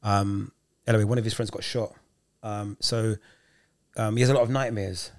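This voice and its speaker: A man co-hosting a podcast, telling stories in a lively, slangy, casual way. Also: fairly low pitch, moderate pace. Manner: animated storyteller with street slang. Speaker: podcast co-host, youth worker.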